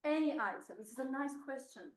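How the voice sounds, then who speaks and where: A woman's voice: high voice, lively intonation, fairly quick, rough recording. A woman with a Russian accent hosting impromptu questions at a speaking club, upbeat with many fillers and laughs. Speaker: table topics master at a speaking club meeting. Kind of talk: live club meeting hosting.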